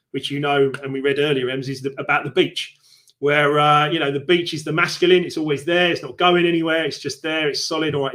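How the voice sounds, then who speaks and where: A man hosting a live book discussion, his voice sitting a little high for a man. He talks casually and with energy, building his points through images and analogies. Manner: animated storyteller, explains with analogies. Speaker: host of a live book club show. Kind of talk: casual live-stream chat.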